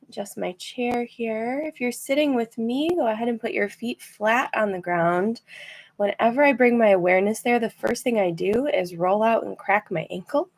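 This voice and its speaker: A woman leading a guided rest and relaxation practice from her chair, gentle and encouraging, laughing now and then and using fillers. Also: on the high side. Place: seated in a chair.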